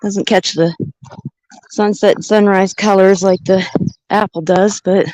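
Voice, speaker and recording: A woman's voice: mid-range voice, steady tone, a little slow, darkish tone, no echo, low-quality recording. A woman vlogging outdoors on a mountain trail, chatting and thinking aloud into a handheld camera as she hikes. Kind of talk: casual walking vlog narration.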